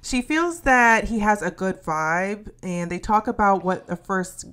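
A woman's voice: medium pitch, lively intonation, measured pace, fairly bright tone, clean tone. A woman co-hosting a podcast, talking through a recap in a plain, casual way with wry asides. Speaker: podcast co-host.

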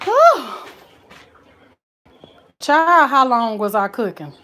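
A young woman chats animatedly about her home cooking. Her voice sits a little high, and she scatters exclamations throughout her casual talk. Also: measured pace, slight background noise. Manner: animated, exclaims "child, honey" often. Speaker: cooking vlogger. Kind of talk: casual chat to viewers.

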